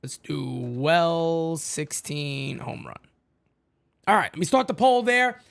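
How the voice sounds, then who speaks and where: A woman hosting a fan channel in a casual live-stream sports chat from her home setup. She is excitable and chatty and keeps calling the audience "man" and "folks". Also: sits low, takes it slowly, vocal fry.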